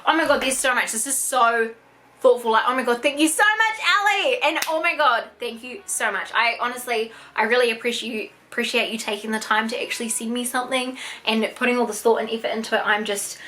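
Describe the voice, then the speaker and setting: A young woman in an unboxing vlog, gushing and excitable, swearing often as she opens gifts. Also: a little high, fairly quick, a little hiss or hum. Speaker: YouTuber.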